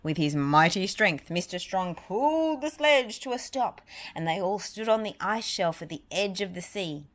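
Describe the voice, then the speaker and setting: A woman reading a children's picture book aloud, with lively, chatty asides to a listening child. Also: mid-range voice, moderate pace. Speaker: storybook reader.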